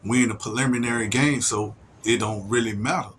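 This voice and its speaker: A man's voice: medium pitch, steady tone, a bit bright, slight background noise. A man talking in a rambling casual monologue, restarting his sentences, stammering, and often asking whether you get him. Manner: slow, drawn-out emphasis on single words. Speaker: solo video monologue speaker.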